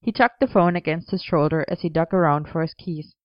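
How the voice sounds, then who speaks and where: A woman reading a story aloud as narrator, gentle and even. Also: low-pitched, fairly quick, no echo. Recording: dull lo-fi dry recording.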